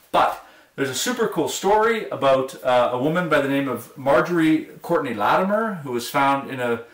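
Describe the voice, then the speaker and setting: Male professor, animated storyteller, recorded in an echoey room at some distance from the mic. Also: mid-range voice. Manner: enthusiastic storyteller, acts out quoted voices. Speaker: university biology professor. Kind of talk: recorded online lecture.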